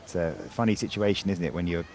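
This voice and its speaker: A man's voice: low-pitched, fast, darkish tone, slight background noise. A man doing sports commentary, calling out the scores and the gymnasts' names with a lift in his voice. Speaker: play-by-play commentator.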